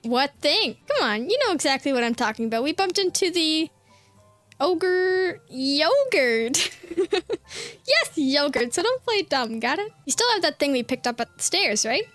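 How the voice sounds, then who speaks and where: A woman's voice: high voice, big pitch swings, moderate pace, fairly bright tone, faint music behind. A woman reading aloud the lines of a bossy, proud teenage girl from a game, in a dramatic way. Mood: demanding.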